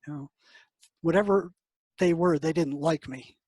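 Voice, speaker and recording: A man's voice: a little high, measured pace, a little mellow, breathy edge, no echo, low-quality recording. An older man, a psychotherapist, telling a story in a casual, conversational way and acting out the dialogue. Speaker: psychotherapist guest. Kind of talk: storytelling interview answer.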